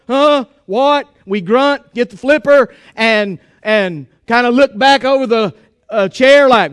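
Male preacher, sermon, folksy and joking, emphatic, very high voice, dry close sound. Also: slow, smooth, dry recording.

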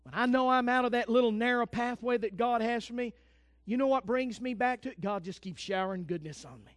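Fervent high-voiced preacher man. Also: a little fast, no echo, studio quality. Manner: fervent preaching, swings from loud to hushed. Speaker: pastor. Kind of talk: sermon.

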